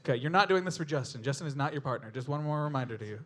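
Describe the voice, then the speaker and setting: A man's voice: mid-range voice, expressive, rapid-fire, fairly bright tone, slight background noise. A man hosting a live comedy game show in front of an audience, bubbly and laughing often as he announces. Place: live stage before an audience.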